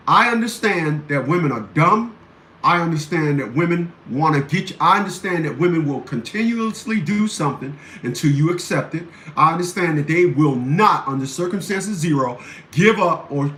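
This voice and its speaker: A male show host, his voice a little high, pushed and bright, delivers blunt, combative ranting commentary and drives his points home by repeating phrases. The recording has a roomy echo and faint background noise.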